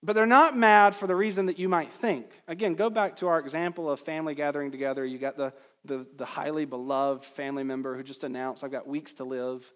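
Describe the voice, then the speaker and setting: A man's voice: fairly high pitch, fast talker, hardly any pauses, fairly bright tone, big-room sound. A man preaching an expository sermon in an earnest, emphatic way, with his voice climbing at points of stress. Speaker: pastor.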